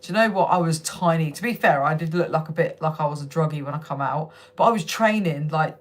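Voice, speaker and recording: Speaking fast in a low voice, a young woman from the UK runs a relaxed phone livestream from her home. She chats with her viewers, laughs a lot and swears without holding back.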